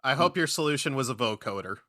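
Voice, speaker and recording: A man's voice: mid-range voice, lively intonation, fast talker, bright, forceful tone, no echo. A man co-hosting a podcast, mostly giving brief agreements and dry, joking remarks. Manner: brief, dry-humored interjections. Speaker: podcast co-host and songwriter. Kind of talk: casual podcast discussion.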